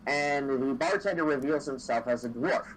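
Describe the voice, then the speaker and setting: A man's voice: mid-range voice, moderate pace, slight background noise, poor audio. A man narrating as game master of a tabletop game, meandering with many fillers and self-corrections.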